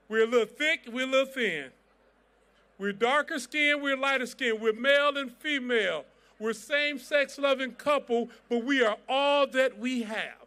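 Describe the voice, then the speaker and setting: A man's voice: extremely high pitch, sharp tone. A man giving a fiery rally speech as a civil rights organization president, with a preacher-like cadence and rousing repeated chants.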